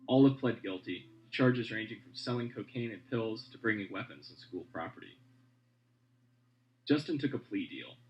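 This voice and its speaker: A man with a low voice narrates a radio story in a measured, storytelling way, his pitch moving a lot. He also puts questions to an interviewee. The audio sounds muffled and dull. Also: a little mellow. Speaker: reporter.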